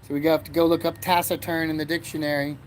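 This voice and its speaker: A man's voice: fairly high pitch, little pitch movement, fast, a little hiss or hum. Male host, meandering and self-mocking, recorded outdoors on a porch with faint ambience. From Erie, Pennsylvania, USA. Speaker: podcast host. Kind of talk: rambling solo comedy podcast.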